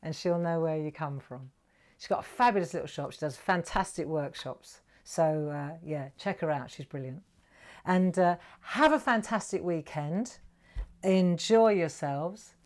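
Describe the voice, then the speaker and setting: Chatty woman, slightly low voice. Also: unhurried, a little mellow. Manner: chatty, storytelling, laughs at own jokes. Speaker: craft show host. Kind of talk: live craft demonstration chat.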